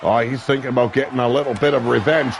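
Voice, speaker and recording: A man calling a wrestling match play-by-play, brash and crude, with sudden shouted bursts of excitement. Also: medium pitch, quick pace, vocal fry, a crowd in the background, background noise. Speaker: wrestling commentator. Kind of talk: play-by-play commentary. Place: seated at a ringside commentary table.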